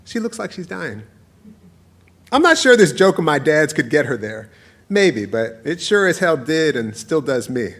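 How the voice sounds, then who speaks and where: A man in his forties reading his own essay aloud to an audience, with playful, warm storytelling and frequent laughter. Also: fairly high pitch, sing-song, measured pace. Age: 40s. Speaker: author.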